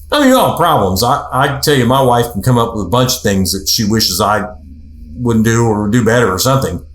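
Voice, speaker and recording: Male show host, relaxed counseling chat, acts out what people say, recorded with a roomy echo. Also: mid-range voice. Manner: conversational, storytelling, acts out quotes. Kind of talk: casual podcast talk.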